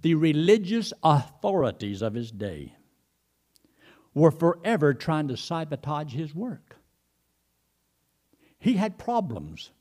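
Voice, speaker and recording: A man's voice: on the high side, very animated, slow pace, long pauses, a little mellow. A middle-aged man preaching a sermon, telling folksy stories and retelling phone calls in quoted speech. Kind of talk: sermon with storytelling.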